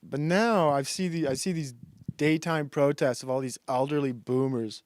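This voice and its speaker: A man's voice: fairly high pitch, normal speed, darkish tone, no echo, clean studio sound. A man hosting a stream, delivering a rambling, mocking comedic monologue as he reacts to videos and laughs at his own jokes. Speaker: streamer host.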